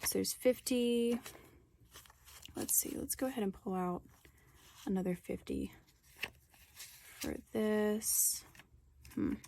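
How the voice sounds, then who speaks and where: A woman's voice: mid-range voice, slow, gravelly, pauses often, mellow, slight background noise. Chatty young woman vlogging from her floor. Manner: chatty, self-deprecating, counting bills aloud under her breath. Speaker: budgeting vlogger. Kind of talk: casual chatty narration. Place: indoors, sitting on the floor at home.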